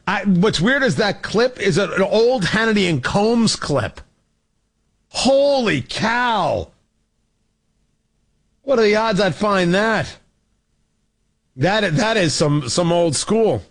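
Animated, sarcastic male talk host. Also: high-pitched, takes it slowly, long pauses. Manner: sarcastic, animated, with frequent restarts. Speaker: radio talk show host. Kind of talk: opinionated political commentary.

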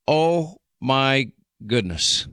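A man's voice: mid-range voice, big pitch swings, a bit bright, clean tone, no room sound, clean studio sound. A man hosting a talk radio show, bantering and teasing his co-host before moving into a scripted read. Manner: playful, teasing, quick back-and-forth.

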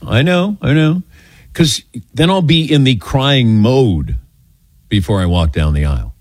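An older man hosts a call-in radio show from a studio mic, his voice lively and swinging up and down in pitch as he acts out quoted lines. The sound is close and dry, with no room around it. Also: unhurried, dry recording. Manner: animated storyteller, acting out quotes.

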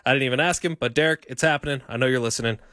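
A man's voice: medium pitch, racing, bright, forceful tone, dry recording. A man hosting a sports radio show, talking emphatically and giving firm opinions from the studio. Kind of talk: sports talk radio banter. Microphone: studio microphone.

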